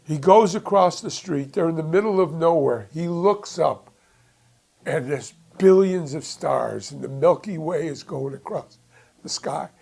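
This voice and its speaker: A man presenting a workshop, retelling a film plot in an animated way with chuckles, acting out the scenes as he goes. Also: fairly high pitch, measured pace, gravelly, husky.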